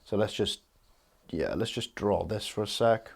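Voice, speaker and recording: Man, sales coach, lowish voice, direct, casual teaching, keeps asking "okay?". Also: unhurried, gravelly. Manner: direct, punctuates points with "okay?" and "right?".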